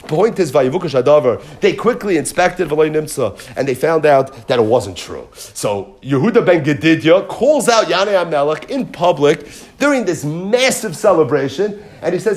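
A man teaches a Talmud lesson, his voice riding up and down as he acts out and explains the story. He sits slightly high for a man and keeps the telling lively and vivid. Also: brisk. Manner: animated storytelling, explaining and dramatizing.

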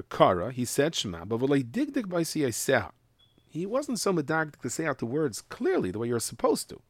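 A man teaching a Mishnah lesson, his voice rising and falling as he sounds out each word. He has a lively, expressive delivery. The recording is dry and close. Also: mid-range voice, no room sound. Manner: explains in English mixed with Hebrew and Yiddish terms, stressing pronunciation. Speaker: Torah teacher. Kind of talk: Mishnah class explanation.

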